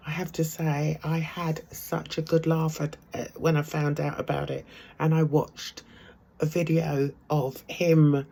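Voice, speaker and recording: A middle-aged woman vlogs from her home art room, chatting gossipily to camera, laughing often and trailing off with ums. Her voice is low, mellow, and level, slow-paced with vocal fry.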